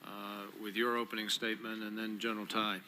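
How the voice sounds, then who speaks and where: A man's voice: fairly low pitch, completely flat delivery, a little fast, pushed and bright, a little hiss or hum. A man chairing a committee hearing, calling on witnesses in brief, procedural remarks with hesitant fillers. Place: hearing room.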